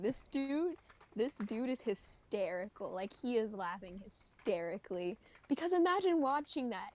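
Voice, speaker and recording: Lively high-voiced woman streamer. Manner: animated, laughing, acts out quoted voices. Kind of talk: casual storytelling on a livestream.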